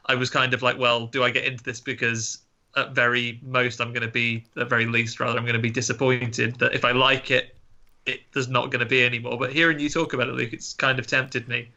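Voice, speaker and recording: Bright-toned man in rambling chat. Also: mid-range voice, lo-fi sound. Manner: rambling, hesitant, lots of fillers. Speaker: podcast co-host. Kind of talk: casual chat.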